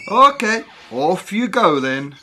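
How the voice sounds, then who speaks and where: A performer voicing a calm, amused father gently teasing his son in a children's audio story. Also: mid-range voice, takes it slowly, exaggerated voice.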